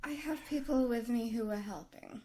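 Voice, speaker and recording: A woman's voice: on the high side, moderate pace, mellow, slight background noise. A woman playing a tabletop game, talking in character in a matter-of-fact way. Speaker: player. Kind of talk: in-character tabletop role-play.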